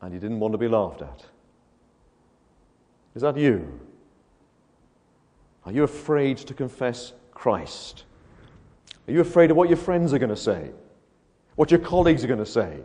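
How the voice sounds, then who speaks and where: Lively preacher man in an echoey hall. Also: mid-range voice, unhurried, pauses often. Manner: rhetorical questions, dramatic swings between hushed and loud. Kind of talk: evangelistic sermon.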